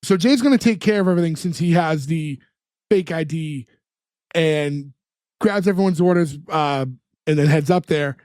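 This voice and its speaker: A man's voice: a little high, normal speed, darkish tone, dry recording, studio quality. A man co-hosting a podcast, casually retelling a sitcom episode scene by scene and acting out the characters' lines as he goes. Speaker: podcast co-host. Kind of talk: casual chat recapping a TV episode.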